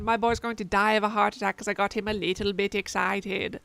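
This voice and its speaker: A woman's voice: medium pitch, little pitch movement, fairly quick, vocal fry, hardly any pauses, fairly bright tone, smooth. A woman streamer playing a video game, joking, swearing and talking back to the characters as she reads their lines aloud. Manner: jokey, swears freely, talks back to the game. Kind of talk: casual let's-play commentary, reading game dialogue aloud.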